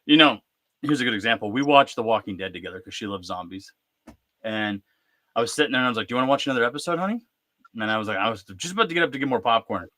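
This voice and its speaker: A man in his thirties hosting a casual live-stream chat, talking in a lively, chatty way and acting out bits of family conversation. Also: medium pitch, very fast, dry recording. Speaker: host.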